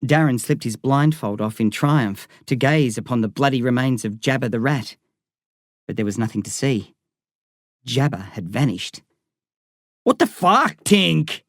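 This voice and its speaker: A man reading a novel aloud in measured, vivid scripted narration. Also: mid-range voice, no room sound, clean studio sound. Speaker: audiobook reader.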